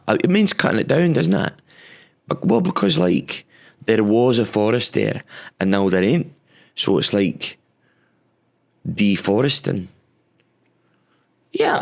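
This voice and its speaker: A man's voice: on the low side, vocal fry, pitched above the performer's own voice, exaggerated voice. A man putting on a blunt, sweary Glaswegian man, lecturing about the climate.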